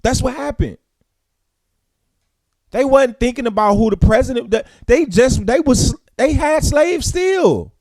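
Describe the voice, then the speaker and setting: A man's voice: lively intonation, unhurried, no room sound, studio quality. Impassioned male morning show host. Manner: preacherly, emphatic, rising to loud peaks then dropping low. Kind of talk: impassioned commentary and news reading.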